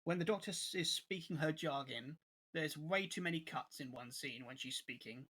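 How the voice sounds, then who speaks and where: A man's voice: on the high side, normal speed. Young man, casual podcast co-host, raised voice, exasperated and restless. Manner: animated, exasperated, many restarts and laughs. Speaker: co-host reviewer. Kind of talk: casual review chat.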